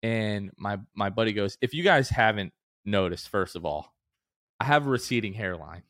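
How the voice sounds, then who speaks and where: A young man in his twenties co-hosting a casual sports podcast, an animated storyteller who acts out quoted voices with big jumps in pitch. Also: moderate pace, no room sound, studio quality. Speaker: podcast co-host.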